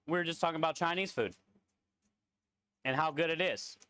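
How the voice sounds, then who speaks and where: A man's voice: a little high, brisk, fairly bright tone, smooth, dry recording. A man, a food truck cook, chatting casually with viewers on a live stream and joking around.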